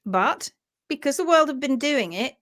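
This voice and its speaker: A woman teaching hoof care on a live stream, animated and chatty. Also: high voice, moderate pace. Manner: animated, acts out little voices for hoof parts.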